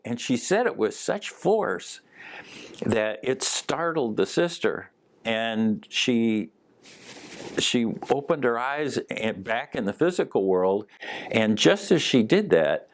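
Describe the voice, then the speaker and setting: Brief: low-voiced male podcast host, slow and easygoing storyteller, pausing with ums. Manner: unhurried, conversational with frequent um fillers. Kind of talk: personal storytelling.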